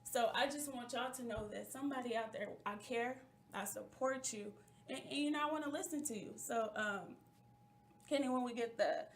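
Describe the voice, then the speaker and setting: A woman's voice: a little high, normal speed, slight background noise. A woman hosting a talk show in a chatty, playful manner, talking straight to her listeners. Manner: chatty and playful, calls listeners "y'all" and "baby". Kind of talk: casual chat.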